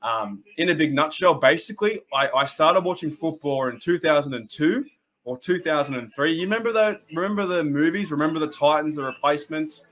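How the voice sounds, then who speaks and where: An Australian man hosting a fan livestream chats away in a voice a touch higher than most men's. He talks briskly and excitably, rambling, restarting often and bursting into laughter as he tries to keep up with the chat.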